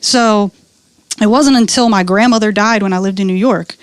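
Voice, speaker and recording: A woman in her thirties tells her life story with a comedian's timing, swearing freely and slipping into the voices of the people in it. Her pitch sits in a middle range for a woman. The recording is dry and close, with no room sound. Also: moderate pace, smooth, no room sound. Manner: animated, profane, acts out quotes. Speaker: interview guest, comedian. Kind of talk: candid storytelling.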